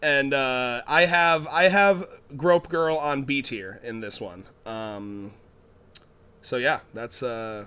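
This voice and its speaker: A man's voice: medium pitch, slow, sharp tone, smooth. A young man co-hosting a casual stream chat, rambling with lots of fillers and restarts. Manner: rambling, many fillers and restarts, laughs easily. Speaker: co-host.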